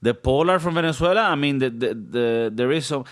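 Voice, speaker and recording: A man's voice: medium pitch, lively intonation, fairly quick. A young man co-hosting a podcast, rambling and joking in casual banter, swearing often. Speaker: podcast co-host.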